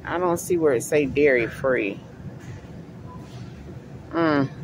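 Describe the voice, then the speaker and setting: A middle-aged woman vlogger, low-pitched and slow, chats casually with her viewers while browsing a large store and thinking aloud about what to buy. The background is noisy with store ambience.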